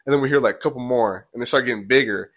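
A man's voice: medium pitch, very fast, fairly bright tone. A young man, a podcast host, telling a story casually with many "like"s and acted quotes. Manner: rambling, many "like"s, acts out quotes.

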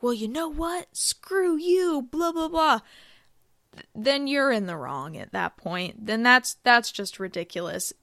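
Smooth-voiced woman giving casual advice. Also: mid-range voice, a bit bright, no echo, clean studio sound. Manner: chatty, uses filler phrases. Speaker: podcast host.

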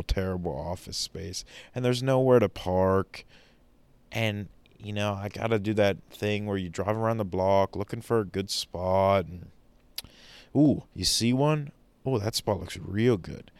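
Man with a low smooth voice ranting comedy bits, dry close sound. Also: a little mellow, dry recording. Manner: ranting, asks the audience questions, exaggerated. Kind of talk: rambling comic monologue.

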